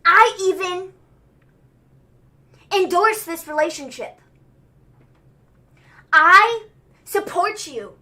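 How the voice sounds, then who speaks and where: A showy, grandly forgiving male wrestler, done by a young woman, delivered in a mock-solemn way with drawn-out repetition. The voice sits high and sounds bright and sharp. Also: expressive, full character voice.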